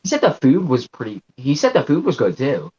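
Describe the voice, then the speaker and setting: Husky-voiced man, laid-back and joking. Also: medium pitch, huge pitch swings, brisk, mellow. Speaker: podcast co-host. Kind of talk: casual chat. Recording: muffled lo-fi audio.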